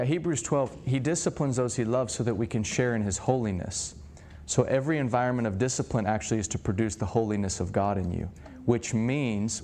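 Middle-aged male preacher, animated storyteller, mid-pitched, faint background noise. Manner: animated storytelling, acts out dialogue. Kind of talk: sermon-style teaching.

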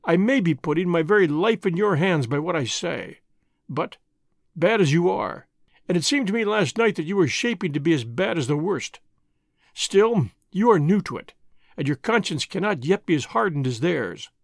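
A man's voice: fairly high pitch, expressive, moderate pace, no room sound. Male narrator voicing older man, bitter and afraid, vehement; dry close sound. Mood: earnest. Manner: vehement, pleading, grave. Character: older man, fearful, bitter lodge brother.

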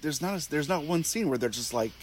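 Relaxed man explaining on a podcast. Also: a little high, fast, a loud crowd. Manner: relaxed, explains at length with restarts. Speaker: podcast panelist. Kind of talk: casual movie review chat.

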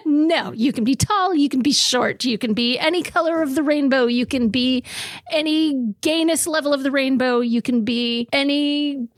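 A woman's voice: high-pitched, normal speed, no echo. A woman from Massachusetts, a podcast co-host guesting on another show, wry and dry-humored. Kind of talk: casual podcast chat.

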